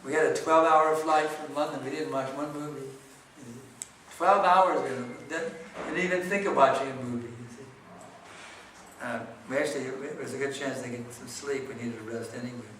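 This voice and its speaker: A man's voice: medium pitch, moderate pace, fairly bright tone, distant mic, slight background noise. A man giving a devotional morning class and answering questions, speaking conversationally with frequent rhetorical questions, in a temple hall. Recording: echoey temple hall, speaker set back from the mic.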